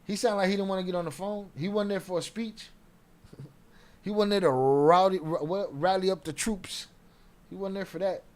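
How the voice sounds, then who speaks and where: A man's voice: high voice, steady tone, moderate pace. A man giving loose, slangy, profane commentary as a streamer. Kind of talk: casual commentary.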